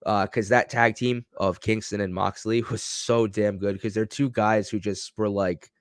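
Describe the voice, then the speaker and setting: A man's voice: lowish voice, steady tone, moderate pace, no echo, clean studio sound. A man co-hosting a casual wrestling podcast, rambling with lots of fillers and restarts. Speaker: podcast co-host.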